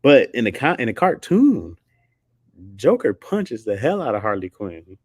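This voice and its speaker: A man's voice: medium pitch, big pitch swings, a little slow, slightly rough, no echo, clean studio sound. A man chatting casually on a livestream, slangy and rambling, laughing often. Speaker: streamer.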